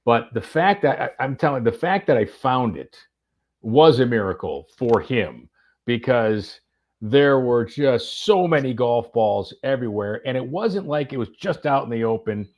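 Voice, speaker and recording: A man casually telling a golf anecdote on a podcast, animated, with plenty of fillers and restarts. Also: mid-range voice, unhurried. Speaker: golf radio reporter and podcast guest. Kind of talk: casual storytelling chat.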